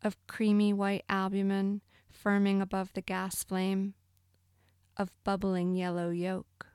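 A woman reading a literary short story aloud in a measured, brooding way. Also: mid-range voice, monotone, darkish tone, smooth, dry recording, studio quality. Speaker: narrator. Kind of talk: scripted literary narration.

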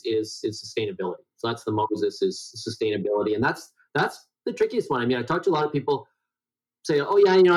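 Middle-aged man, nasal voice, interview guest, rambling and full of fillers. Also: low-quality recording. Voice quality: self-described high nasal voice. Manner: rambling, many restarts and fillers. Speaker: guest health educator. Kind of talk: conversational interview.

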